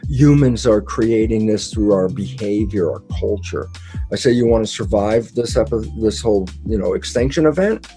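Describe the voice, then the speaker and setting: Male interview guest with a mellow, mid-pitched voice. Lively storyteller who acts out his own quotes, over faint background music. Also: normal speed. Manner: emphatic and repetitive, with occasional laughs and mild swearing. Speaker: guest speaker, biologist. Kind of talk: conversational explanation in an interview.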